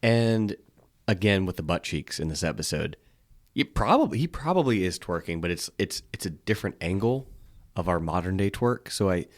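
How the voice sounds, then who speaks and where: Low voiced guy chatting on a podcast, laid back, cusses, dry close sound. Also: animated, normal speed, no echo. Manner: laid-back, swearing, repeats words as he restarts. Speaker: podcast co-host. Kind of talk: casual chat.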